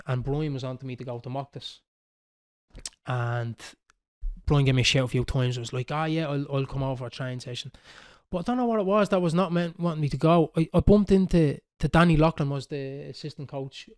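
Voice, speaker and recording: A man in his thirties with a Dublin Irish accent, telling a football story in casual chat on a podcast, animated and swearing freely. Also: mid-range voice, a little fast, clean tone. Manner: animated, swearing, quoting others. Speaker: podcast host.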